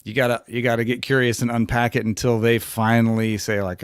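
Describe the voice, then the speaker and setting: Male podcast co-host, chatty and expressive, dry studio sound. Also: medium pitch, a little fast, hardly any pauses, clean tone, no room sound. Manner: animated, laughs often, digs into details. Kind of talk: casual business talk.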